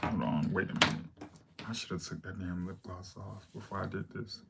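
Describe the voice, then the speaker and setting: A man's voice: low voice, steady tone, fairly quick, creaky, heavy background noise. A man hosting a makeup livestream, answering viewer questions in blunt, sassy casual chat.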